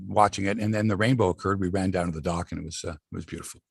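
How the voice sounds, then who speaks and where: A middle-aged man hosts a sports talk show, swearing freely and acting out what players said. His voice is gravelly and husky, and his pitch swings a lot. The sound is close and dry. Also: racing, no room sound. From Canada. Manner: animated, profane, acts out quotes from players. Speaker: sports podcast host. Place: outdoor studio by a lake.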